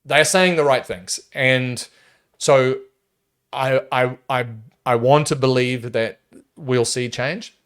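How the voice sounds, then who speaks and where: A man, talking as a guest in a casual podcast interview, emphatic and animated with frequent restarts. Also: medium pitch, takes it slowly, clean tone. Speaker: property developer guest.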